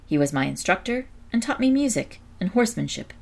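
A courteous young storybook hero, read by a woman, calm and earnest. The voice sits low with a gravelly edge. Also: brisk, heavily acted.

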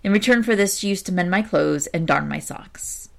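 A woman narrates a story in a measured audiobook style. Her voice sits slightly low for a woman, and she reads at an even storytelling pace. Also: creaky. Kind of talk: audiobook reading.

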